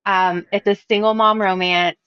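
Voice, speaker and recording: A woman's voice: medium pitch, fairly even intonation, moderate pace, smooth, no room sound, lo-fi sound. A bubbly woman author in her thirties, chatting casually on a podcast and laughing at her own stories. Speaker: author guest.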